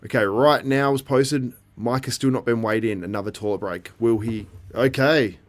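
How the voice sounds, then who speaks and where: This live stream host has a mid-range voice and talks at a moderate pace. It's a casual, chatty stream where he reacts to events and viewer comments as they come in, laughing often along the way.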